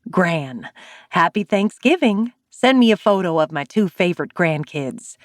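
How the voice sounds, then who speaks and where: A woman's voice: on the low side, lively intonation, measured pace, no echo, clean studio sound. A woman voicing a caring older grandmother who reads out her texts plainly in an audiobook.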